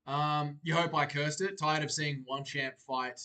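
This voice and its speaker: A young man hosting a livestream, reading viewers' comments aloud and answering them in a relaxed, chatty way. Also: a little high, a little slow. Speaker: livestream host. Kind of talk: casual chat reacting to live chat.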